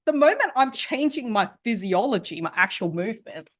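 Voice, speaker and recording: Woman workshop coach, very expressive pitch, chatty, keeps asking "right?", over a video call. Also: fairly quick. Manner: animated, conversational, often asks "right?" and laughs. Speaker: sales and communication coach. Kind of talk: interactive online workshop teaching.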